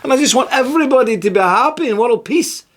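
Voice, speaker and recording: A man's voice: very high-pitched, lively intonation, fast, fairly bright tone, pitched above the performer's own voice, full character voice. A man putting on a mocking, sing-song voice of a saccharine, naive girl. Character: saccharine naive girl, mock-sweet and preachy.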